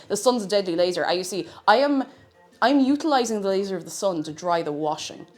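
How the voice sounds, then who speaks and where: A woman's voice: mid-range voice, animated, fairly quick, darkish tone, faint music behind. Bubbly woman chatting on stream. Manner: bubbly, chatty, greets chat by name. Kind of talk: casual live-stream chat.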